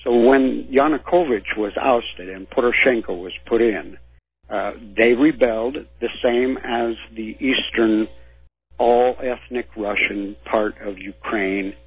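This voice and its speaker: A man calling in to a talk radio show, his voice very husky and rough. He lectures at length, laying out history point by point. The sound is thin and boxy, like a phone line. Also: medium pitch, takes it slowly, no room sound. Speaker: caller.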